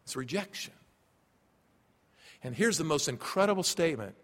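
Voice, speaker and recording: Man, pastor, emphatic sermon, hushed to loud, high voice, long hall reverb. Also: lively intonation, moderate pace.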